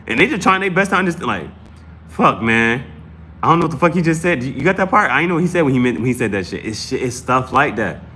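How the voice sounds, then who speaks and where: Male live-stream host, bright and fairly high voice, with profane, emphatic and rambling delivery. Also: slight background noise. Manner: repeats and restarts phrases. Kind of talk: casual live-stream talk.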